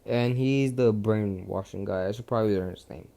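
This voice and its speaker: A man's voice: lowish voice, normal speed, vocal fry, warm tone. A young man casually retelling a fan story, rambling, profane and cutting himself off. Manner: profane, rambling, self-interrupting.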